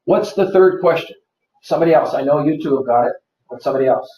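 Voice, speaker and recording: A man's voice: on the high side, fast talker, dark tone. A man presenting a live seminar workshop, quizzing the audience and repeating his points to drive them home. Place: office seminar room. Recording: roomy, distant, dull lo-fi.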